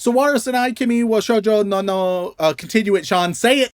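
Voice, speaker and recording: A man's voice: high voice, fairly quick, no echo, studio quality. A young man co-hosting a podcast, reading out a list of names in a casual, laughing, stumbling way. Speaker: podcast co-host.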